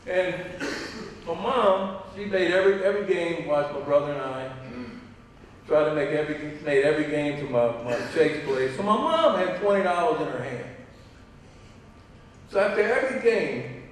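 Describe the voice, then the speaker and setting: A man's voice: a little high, normal speed, pauses often, a little hiss or hum. A middle-aged man, a father telling stories in an induction speech, acting out quotes with laughing asides. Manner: animated storyteller, acts out quotes, laughing asides. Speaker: father giving a hall of fame induction speech. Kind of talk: storytelling speech at a banquet. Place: large hall. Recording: echoey hall from far off.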